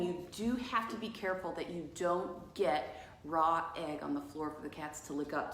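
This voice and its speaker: A middle-aged woman casually demonstrating a recipe as host of a cat cafe live stream, chatty and playful. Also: lowish voice. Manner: chatty, playful, laughs often. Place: cafe kitchen. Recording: echoey kitchen with faint noise.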